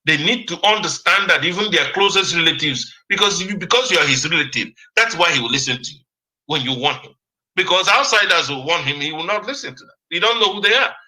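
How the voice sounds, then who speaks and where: A man's voice: on the high side, animated, fast, pushed and bright, low-quality recording. A man giving impassioned political commentary on a radio broadcast, repeating key words for emphasis.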